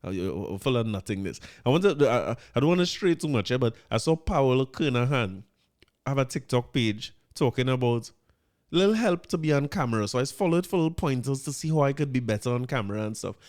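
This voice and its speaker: A man's voice: medium pitch, animated, brisk, a little mellow. A man with a Trinidadian accent hosting a podcast, giving casual commentary in an incredulous tone and repeating words when he gets riled up. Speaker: podcast host.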